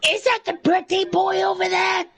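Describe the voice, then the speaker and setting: A man voicing a manic animatronic bear entertainer, shrill and shouting like a party host. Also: little pitch movement, normal speed, faint music behind.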